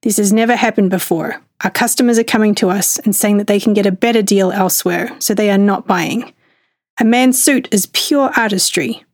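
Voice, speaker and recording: A woman's voice: medium pitch, normal speed, no room sound, clean studio sound, lightly acted. A woman quoting a proud, aggrieved Italian tailor. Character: distraught Italian male tailor, middle-aged, proud.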